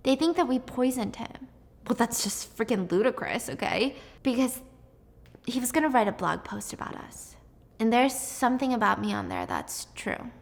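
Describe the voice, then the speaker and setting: A woman voicing a guilty, tearful teenage girl who speaks quietly and pleadingly, in an echoing room. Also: a little high, very animated, normal speed, creaky. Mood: confessing. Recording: long echoey room reverb.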